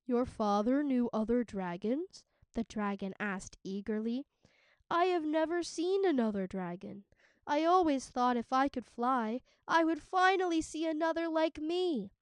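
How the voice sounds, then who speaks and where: A woman voicing a gentle, eager young dragon born from a painting, in a storybook read-aloud. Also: high voice, expressive, unhurried, no echo, voice pushed up. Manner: earnest, eager.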